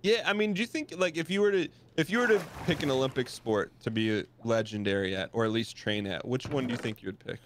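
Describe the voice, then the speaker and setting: A man's voice: mid-range voice, fast, hardly any pauses, a little hiss or hum. A man from Michigan with an ordinary mid-range voice chats casually over a game session. He keeps the talk going with curious, probing questions. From Michigan, USA. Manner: curious, asks lots of questions. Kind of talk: casual chat while gaming.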